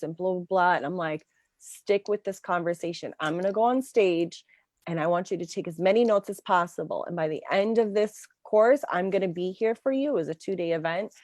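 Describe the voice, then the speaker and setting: Lively woman career coach on a dry call. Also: on the low side, brisk, no room sound. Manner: animated storyteller, many fillers like "like" and "um". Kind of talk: casual interview chat.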